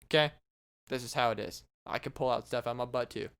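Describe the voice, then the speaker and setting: A man's voice: medium pitch, brisk, a bit bright, clear, resonant tone. A man hosting his own casual podcast, talking alone in a sarcastic, rambling and mocking way. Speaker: podcast host. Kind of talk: casual solo podcast monologue.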